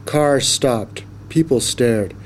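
A man reads a children's story aloud at an unhurried pace, leaning into each line with expression. His voice sits mid-range. A faint hum of room noise sits under him. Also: mid-range voice. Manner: slow, expressive, animated reading.

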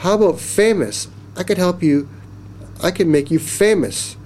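A man voicing a spunky, brave little girl in a read-aloud storybook, speaking in a high, eager voice. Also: animated, normal speed, darkish tone, a little hiss or hum.

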